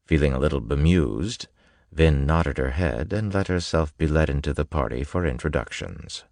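A man narrating an audiobook with a steady, even reading. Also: extremely low pitch, moderate pace, creaky, no room sound, studio quality.

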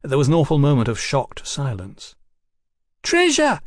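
A man narrating an audiobook in a steady, even storytelling manner. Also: mid-range voice, brisk, no echo, studio quality.

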